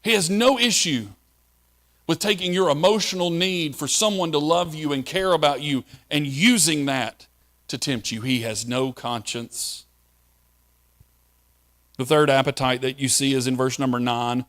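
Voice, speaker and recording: A man's voice: medium pitch, a little slow, a bit bright. Man preaching with rhetorical questions. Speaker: pastor. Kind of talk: sermon.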